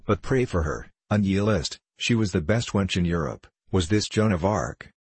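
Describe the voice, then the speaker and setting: A man's voice: low voice, normal speed, a little mellow, husky, dry recording. A man reading the part of a bold young forester who speaks bluntly and boastfully in archaic words.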